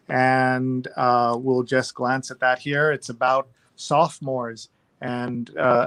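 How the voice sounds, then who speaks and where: A man hosting a live online readalong, chatting casually and skimming headlines aloud over a video call. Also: medium pitch. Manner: conversational, skims headlines aloud with fillers. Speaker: host.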